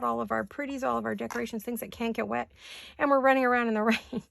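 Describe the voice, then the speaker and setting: An older woman who is hoarse today, chatting casually while she crafts in her home studio and thinking aloud in wandering asides. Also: on the high side, steady tone, fast talker, a bit bright, slight background noise. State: hoarse, deep voice. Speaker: craft vlogger.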